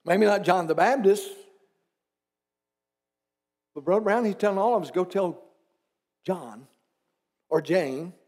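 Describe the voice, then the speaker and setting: A man's voice: sits high, slow, long pauses, a little mellow. A man pastor preaching a conversational sermon in church, asking the congregation rhetorical questions and dropping teasing asides.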